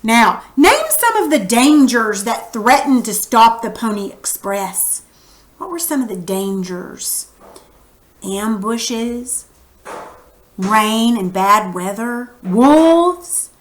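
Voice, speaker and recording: A woman's voice: fairly high pitch, lively intonation, slow pace, slight background noise, poor audio. A woman teacher giving a recorded reading lesson, patiently asking questions and sounding out words for the class.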